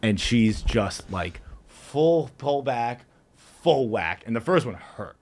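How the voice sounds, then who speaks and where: A man guesting on a podcast, telling a rowdy story casually, laughing and jumping into high yelps when he reenacts his own yells. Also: animated, takes it slowly.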